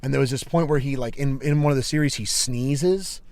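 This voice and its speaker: A man's voice: mid-range voice, fairly quick, darkish tone, no room sound. A man co-hosting a podcast, telling a personal story in casual chat, emphatic and peppered with "like" and "dude". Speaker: podcast co-host.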